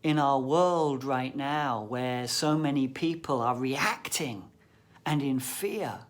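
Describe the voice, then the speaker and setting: A man telling stories and reflections in an expressive, unhurried voice. He sometimes sinks to a breathy whisper on key words. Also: medium pitch. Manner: slow, expressive storyteller, often drops to a whisper. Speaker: shamanic practitioner and storyteller. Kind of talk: reflective thought-for-the-day talk with storytelling.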